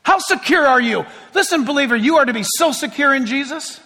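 Pastor, male, high and sharp voice, lively conversational sermon, hall reverb. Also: fairly quick. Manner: lively, conversational preaching with asides and acted-out scenes. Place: church sanctuary before a congregation. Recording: long reverb of a large hall.

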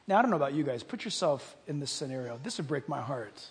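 A man's voice: mid-range voice, fast, big-room sound. A male pastor preaching a sermon, talking straight to his congregation with humorous asides. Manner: animated, addresses congregation directly, humorous asides.

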